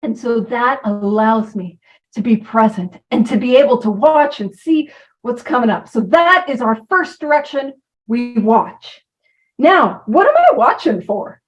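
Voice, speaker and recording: A woman sponsor giving an earnest, reflective talk on working recovery steps, slowing down to stress key words. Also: on the high side, animated, recorded from a distance, poor audio. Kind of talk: reflective talk on step work.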